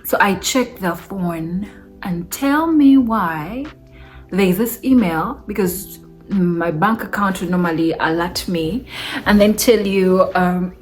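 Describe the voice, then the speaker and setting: A woman vlogger telling a personal story in a casual, animated way, often breaking into laughter. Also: mid-range voice. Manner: animated, laughs between remarks.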